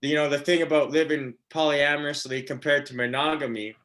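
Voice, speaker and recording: A man's voice: on the high side, fairly even intonation, fairly quick, fairly bright tone. Rambling man doing stand-up. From Canada. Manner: rambling, filler-heavy, laughing at own jokes. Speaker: stand-up comedian. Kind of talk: stand-up comedy set.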